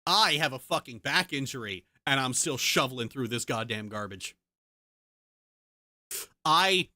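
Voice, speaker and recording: A woman's voice: very deep voice, animated, normal speed, long pauses, bright, forceful tone, no room sound, clean studio sound. A woman streamer in casual chat, ranting heatedly and swearing a lot.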